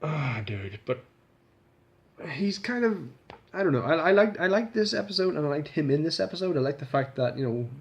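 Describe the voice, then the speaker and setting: A man's voice: a little high, very animated, moderate pace, vocal fry, muffled recording. Rambling, casually swearing man reviewer. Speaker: video reviewer.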